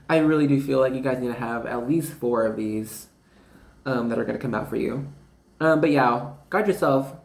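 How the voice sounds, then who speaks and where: A woman giving a casual spiritual card reading, rambling and slangy, constantly talking to her viewers as "you guys.". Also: extremely low pitch. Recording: roomy echo.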